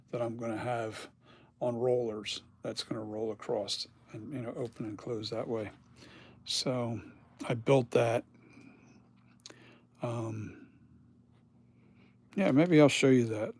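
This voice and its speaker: A fatigued middle-aged man who makes masks films a casual, rambling vlog on his phone in his home workshop, addressing viewers directly. His mid-range voice carries vocal fry and a breathy edge, and the recording is dry.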